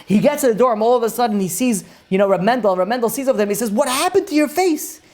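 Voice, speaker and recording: A rabbi recounting a gripping tale to his listeners. He speaks with lively, animated delivery and slips into the characters' voices as the story moves along. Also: high-pitched, racing. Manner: animated retelling that acts out the characters' lines. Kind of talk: dramatic storytelling lesson.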